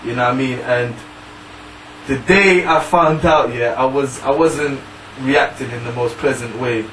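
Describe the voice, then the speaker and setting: A man's voice: mid-range voice, a little slow, a bit bright. Hesitant young man, echoey distant mic. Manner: hesitant, filler-heavy. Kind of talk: casual discussion. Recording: roomy, distant mic, faint noise.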